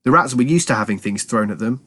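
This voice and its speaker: Lively male storyteller reading aloud. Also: mid-range voice, fast, no room sound. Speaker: children's storyteller.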